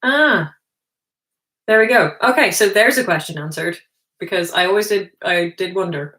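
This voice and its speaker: A woman's voice: lowish voice, moderate pace, fairly bright tone. A woman hosting a livestream, chatting casually and reading chat messages aloud. She is self-deprecating and laughs often. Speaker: livestream host answering chat. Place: indoor room, sitting on the floor. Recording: roomy echo.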